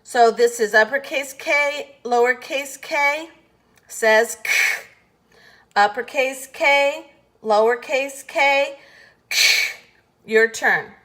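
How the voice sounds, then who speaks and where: A woman teaching letter sounds in a slow, patient phonics lesson, carefully over-enunciating each sound. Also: high voice, fairly bright tone.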